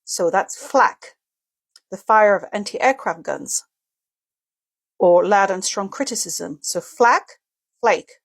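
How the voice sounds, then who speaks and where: A woman's voice: mid-range voice, measured pace, gravelly, slightly rough. A woman teaching a casual video lesson on a dictionary's pronunciation key, explaining step by step and sounding out example words, with small slips and self-corrections. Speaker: English teacher.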